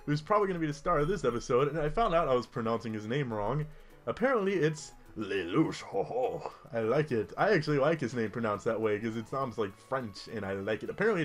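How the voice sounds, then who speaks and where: A young man giving casual, rambling commentary while playing a video game, full of jokey asides. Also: mid-range voice. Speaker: gaming YouTuber. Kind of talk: casual let's-play commentary.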